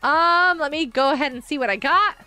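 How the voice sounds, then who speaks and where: Fast and excitable, a female livestreamer chats in a high, bright voice while gaming, pitch leaping as she gasps and laughs. She also yawns, sounding sleepy. The recording is dry, with faint game music behind her.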